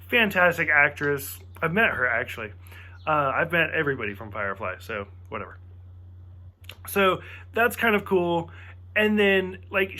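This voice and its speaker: Animated bright-voiced young man reviewing. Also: high voice. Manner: rambling, acts out friend's lines. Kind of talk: casual review chat.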